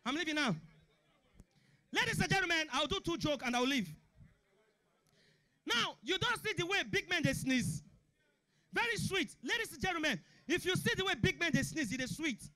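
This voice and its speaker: A young man with a Nigerian Pidgin accent doing a stand-up comedy routine, shouting punchlines and acting out characters. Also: very high voice, animated, normal speed. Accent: Nigerian Pidgin English.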